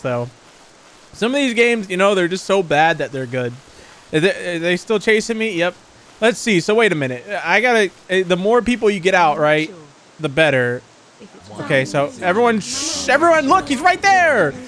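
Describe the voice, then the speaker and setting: A man's voice: sits high, fairly bright tone. A man giving chatty let's-play commentary on a horror game, laughing often and yelping when startled. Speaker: gaming YouTuber.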